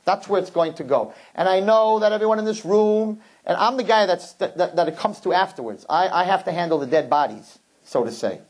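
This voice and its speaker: A man as a rabbi giving a lively sermon to young women, emphatic, with joking asides and words he repeats as he starts a point. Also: high voice, a little fast, few pauses.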